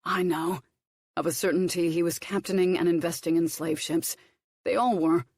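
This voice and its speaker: A woman voicing a brooding earl, a grown man raised at sea, in an audiobook, speaking low, gently and gravely. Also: steady tone, normal speed, no echo, studio quality. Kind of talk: audiobook character reading.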